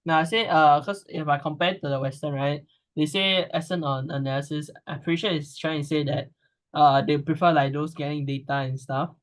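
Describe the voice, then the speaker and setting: A student answering in an online class over a video call, tentative and full of fillers. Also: male voice, on the high side, fairly even intonation, fairly quick.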